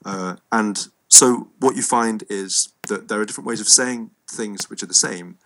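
A man's voice: fairly low pitch, normal speed, fairly bright tone. An English man with a cold, teaching an online music lesson in a rambling, playful way with frequent ums. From England. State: has a cold.

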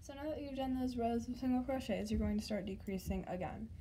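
A woman with a fairly high, mellow voice explains a craft project step by step, talking straight to the viewer. She sounds a little hoarse and trips over her words at times, under a faint hiss of background noise. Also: steady tone, fairly quick. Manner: chatty, talks to the viewer directly, stumbles over words. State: slightly hoarse, losing her voice. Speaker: craft tutorial host. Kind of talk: step-by-step tutorial instructions.

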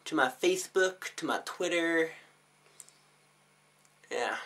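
A young man recording a random, jokey vlog to his camera at night, mumbling asides and then shouting punchlines. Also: a little high, fairly even intonation, normal speed. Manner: goofy, jumps between mumbles and sudden shouts. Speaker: vlogger. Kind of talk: random comedic vlog talk.

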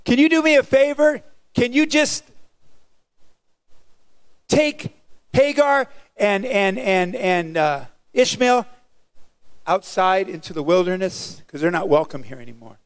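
A woman's voice: medium pitch, measured pace, long pauses, natural voice. A male preacher voicing a worried wife who pushily asks her husband to send someone away. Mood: pleading.

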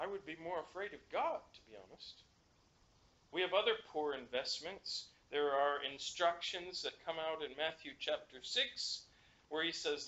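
A man's voice: high voice, normal speed. An English pastor preaching a sermon in a church, talking animatedly and acting out the quotes he tells. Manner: animated, acts out quotes, laughs at his own points. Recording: echoey, slightly dull church recording.

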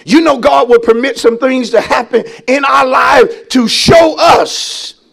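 High-voiced shouting preacher man. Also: unhurried, creaky. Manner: preaching with call-and-response, shouting emphasis. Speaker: pastor. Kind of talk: call-and-response sermon.

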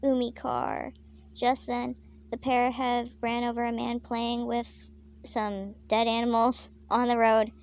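Woman, deadpan fanfic reader, high flat voice, crude asides. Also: unhurried, smooth. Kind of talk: comic story reading.

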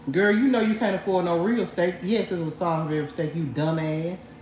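A woman's voice: on the low side, normal speed, long pauses, a little mellow, slight background noise. A woman hosting a livestream, mocking someone and laughing as she talks straight to her viewers. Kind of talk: trash-talking livestream rant. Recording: echoey room.

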